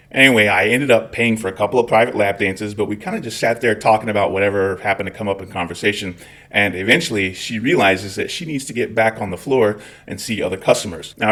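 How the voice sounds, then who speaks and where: A man's voice: fairly low pitch, a bit bright. Wry, profane Scottish man telling stories. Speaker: host. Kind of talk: storytelling monologue.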